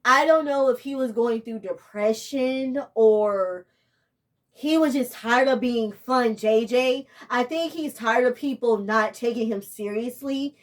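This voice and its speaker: A woman's voice: a little high, a little slow. A young woman, giving a casual, rambling and exasperated review of a TV show.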